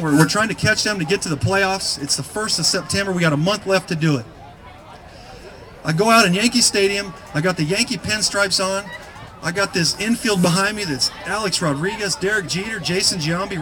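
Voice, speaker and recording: A man with a high voice tells his story outdoors to a gathered crowd. He speaks earnestly, in a storytelling, preaching way. His tone is bright and forceful. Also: low-quality recording. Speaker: speaker at a community event. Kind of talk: testimonial speech to an outdoor crowd. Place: outdoors at a public event.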